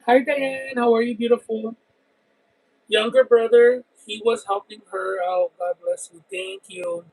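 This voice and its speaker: An extremely high-pitched man speaks unhurriedly on a rough recording. He hosts a casual livestream, eating and reading chat, and tells stories expressively and at great length, heaping on details.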